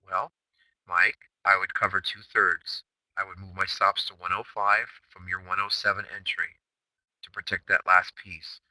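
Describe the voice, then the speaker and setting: A man's voice: deep voice, little pitch movement, unhurried, bright, forceful tone, no room sound, rough recording. Brash man hosting a trading chatroom. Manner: brash, emphatic, rhetorical questions, profanity. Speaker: day-trading chatroom host. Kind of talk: recorded trading session recap.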